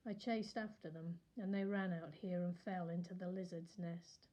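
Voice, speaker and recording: A woman's voice: fairly low pitch, steady tone, moderate pace, dark tone, lightly acted, low-quality recording. A woman reading the part of a cold, curt female camp warden in a storybook reading. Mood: defensive. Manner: curt, defensive.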